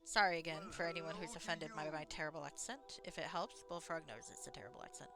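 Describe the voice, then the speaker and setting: A woman's voice: low voice, steady tone, fast. A woman streamer giving casual commentary while she plays a roleplaying game, talking in a chatty, frank and self-mocking way.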